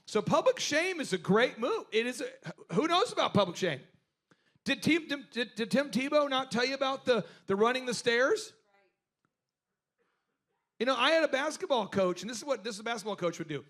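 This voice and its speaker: A man's voice: very high-pitched, lively intonation, a little fast, sharp tone. A man in his forties hosting a business workshop, telling stories to a live group and acting out other people's lines with animation.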